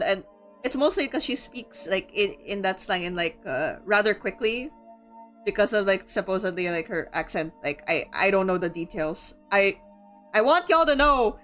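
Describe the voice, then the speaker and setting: A woman's voice: medium pitch, animated, a little slow, a bit bright, soft background music. A young woman from the Philippines hosting a book club, chatting casually and rambling with lots of filler words and giggles. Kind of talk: casual livestream chat.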